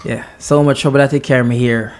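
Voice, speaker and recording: A man with a Jamaican accent, a comedian chatting as a radio interview guest, joking and swinging between loud lively bursts and quiet mutters. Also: mid-range voice, fast talker. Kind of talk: casual radio interview chat.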